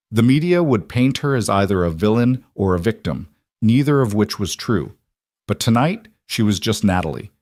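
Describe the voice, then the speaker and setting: A man reading a scripted story in a measured, gentle way. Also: fairly low pitch, dry recording, clean studio sound. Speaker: narrator. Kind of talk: scripted narration.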